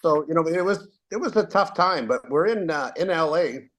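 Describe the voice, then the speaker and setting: An older man from Canada with a slightly high voice tells stories in a loose, halting way. He stops and restarts often, full of "uh"s and "you know"s. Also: expressive, fairly bright tone. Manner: rambling, halting anecdotes with many fillers and restarts. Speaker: guest, retired hockey referee. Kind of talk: casual storytelling.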